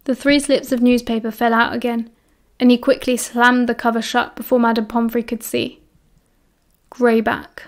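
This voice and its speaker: A woman narrating a fan-fiction audiobook at a steady, even pace. Her voice sits somewhat high and holds a flat, level melody with little rise and fall. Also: normal speed.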